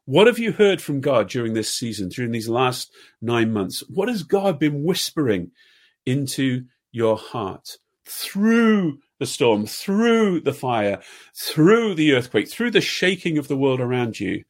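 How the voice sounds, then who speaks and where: A man in his fifties preaching a sermon, earnest, asking repeated questions and dropping to soft tones at times. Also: medium pitch, very animated, unhurried. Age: 50s. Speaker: pastor.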